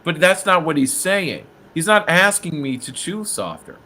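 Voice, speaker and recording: A man casually telling a story on a podcast, animated and swearing, acting out the people he quotes. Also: on the high side, normal speed. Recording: faint background noise.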